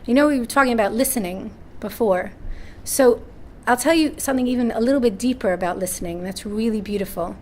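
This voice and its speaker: This woman's slightly high voice moves quickly with few pauses as she recounts stories at a live parenting seminar. She acts out the voices in her anecdotes and frequently asks the room "right?", an animated storyteller before an audience. There's a little hiss or hum.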